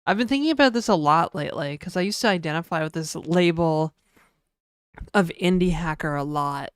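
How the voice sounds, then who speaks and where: Low-voiced Canadian woman streaming. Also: a little fast, smooth, dry recording, clean studio sound. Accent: mild Canadian. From Canada (New Brunswick). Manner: chatty, joking, answers chat aloud. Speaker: streamer chatting with viewers. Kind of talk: casual live-stream chat.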